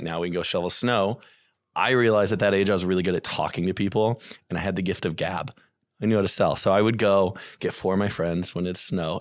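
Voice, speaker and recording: A man in his thirties from the Midwest with a Midwestern accent, a chatty podcast guest telling his story with animated quoted asides. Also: sits low, no echo, studio quality. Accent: American Midwest. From St. Louis area, USA. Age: 30s. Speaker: podcast guest, real estate investor. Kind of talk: casual podcast interview.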